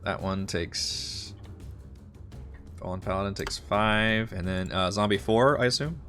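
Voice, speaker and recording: A man's voice: on the low side, unhurried, a bit bright, faint music behind. A man narrating as the dungeon master of an online tabletop game, laid-back and laughing often. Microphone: home microphone on voice chat.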